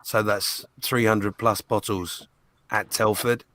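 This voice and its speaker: A man hosting a charity auction stream, talking casually with many pauses and restarts. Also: fairly low pitch, little pitch movement, fairly bright tone, no echo. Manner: hesitant, many ums and restarts. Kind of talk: casual live-stream chat.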